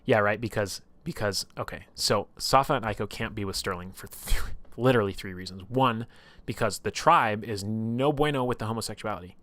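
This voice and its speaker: A man with a somewhat low voice tells the story of a tabletop campaign to his stream audience. He rambles in a casual, animated way, full of fillers and the odd swear word. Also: brisk.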